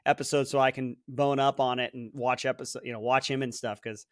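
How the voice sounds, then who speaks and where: A man's voice: mid-range voice, level tone, fairly quick, dry recording, clean studio sound. A man co-hosting a podcast, guessing movie quotes, thinking aloud, hesitant, laughing easily. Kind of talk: casual podcast chat.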